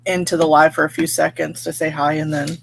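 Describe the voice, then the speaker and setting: A woman hosting a relaxed livestream, chatting with viewers, laughing often and reading their comments aloud. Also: deep voice, brisk, creaky, slight background noise. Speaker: livestream host reading chat. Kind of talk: casual live chat.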